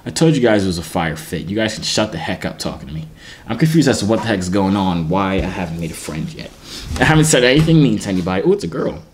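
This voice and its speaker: A man on a phone video chat, pranking strangers with deadpan, mock-nerdy insults. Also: sits low, fast, slight background noise.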